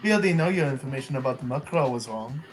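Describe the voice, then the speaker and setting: A player voicing a cold, haughty rich boy from a game in a measured, superior way. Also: medium pitch, lively intonation, soft background music, natural voice. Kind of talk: reading a game aloud in character.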